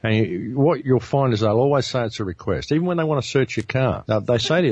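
Fast-talking blunt man. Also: mid-range voice, lively intonation, a little mellow, no room sound. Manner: blunt, rambling, repeats words. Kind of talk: casual talk show chat. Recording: muffled dry lo-fi recording.

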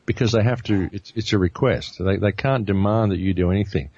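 A man's voice: lowish voice, a little fast, a little mellow, husky. A man talking bluntly on a talk show, rambling and often repeating his words. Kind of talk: casual talk show chat. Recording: muffled dry lo-fi recording.

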